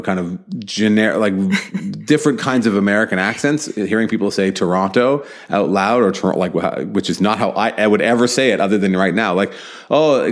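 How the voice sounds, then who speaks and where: Low-voiced man rambling sports chat. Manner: rambling, restarts, many fillers. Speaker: podcast host.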